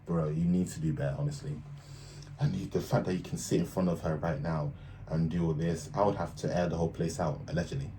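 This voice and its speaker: Deep-voiced young man, blunt and slangy. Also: flat delivery, fast talker, a crowd in the background. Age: young adult. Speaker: reaction video host. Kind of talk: casual reaction commentary.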